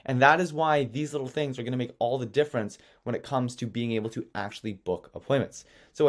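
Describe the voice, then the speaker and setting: A man, an agency founder, teaching an online sales lesson in an animated storytelling way, often checking in with "okay?" and "right?". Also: medium pitch, fast, hardly any pauses.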